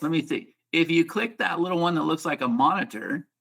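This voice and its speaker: Host, man, joking folksy teacher, gravelly and bright, on a video call. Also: fairly high pitch, expressive, a little fast. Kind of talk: casual teaching on a group call.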